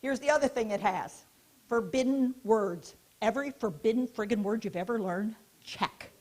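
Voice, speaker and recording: A woman giving a keynote talk at a conference. She speaks in an animated, directive way, asking the audience questions and guiding them through hand gestures, with a small mic worn near her neck. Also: a little high, moderate pace. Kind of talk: interactive conference lecture. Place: conference hall stage.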